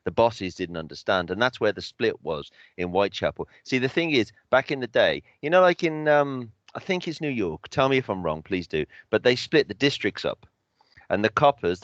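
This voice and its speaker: A man with a lowish voice chats casually on a podcast, laying out his views bluntly and with the odd swear word. The sound is dry and a little dull, like a home mic with no room around it. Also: fairly bright tone, no echo. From England. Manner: opinionated storytelling, swearing. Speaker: podcast co-host. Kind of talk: casual chat.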